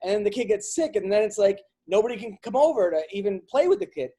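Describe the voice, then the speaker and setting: Fast and high in pitch, this man hosts a podcast as a comedian, venting through a casual conversation. He rambles with animated comic energy and keeps restarting his thoughts.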